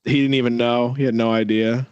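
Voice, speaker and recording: A man's voice: medium pitch, little pitch movement, a little fast, a little mellow, clean tone, no room sound. A man in a casual interview chat, rambling with many fillers and restarts over a video call. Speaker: musician guest. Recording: dull lo-fi audio.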